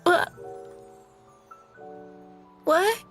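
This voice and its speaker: A woman's voice: drawn-out words, fairly bright tone, faint music behind. A woman streaming a game in casual chat, talking in a theatrical, mock-dramatic way.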